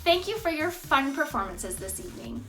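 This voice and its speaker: A woman's voice: sits high, very animated, moderate pace, fairly bright tone, soft background music. A woman hosting a community talent show, reading out thanks and a sponsor list in an upbeat scripted way. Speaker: show host. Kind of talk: scripted announcement.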